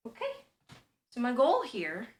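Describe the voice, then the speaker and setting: A woman's voice: on the high side, huge pitch swings, a little slow. A woman in her twenties from the United States, chatting casually as a streamer while she works at home, thinking aloud with lots of fillers. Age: 20s. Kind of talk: casual explaining while working.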